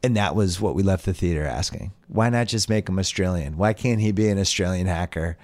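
A man's voice: sits low, a little fast, a little mellow. A man hosting a casual sports podcast, reading out listener questions and giving wry, opinionated answers. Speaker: podcast host.

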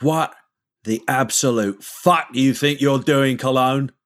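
A man's voice: medium pitch, unhurried, pitched above the performer's own voice, lightly acted. A man voicing a furious, foul-mouthed male crime lord who swears and threatens.

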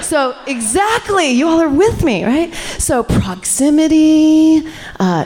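With a high-pitched voice and an unhurried delivery, a middle-aged woman tells a story live to an audience. She is a sexuality educator, and she keeps it animated, laughing and chatting with the crowd.

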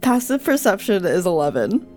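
A woman's voice: medium pitch, very animated, normal speed, a little mellow, faint music behind. A woman player describing her character's actions in a tabletop game in a casual, chatty way. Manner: casual, with frequent "like" fillers.

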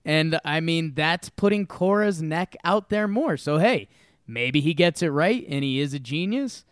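A young man co-hosting a sports talk show, telling animated stories in casual chat and swearing freely. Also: fairly high pitch, unhurried, clear, resonant tone, no echo, clean studio sound. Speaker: sports podcast co-host.

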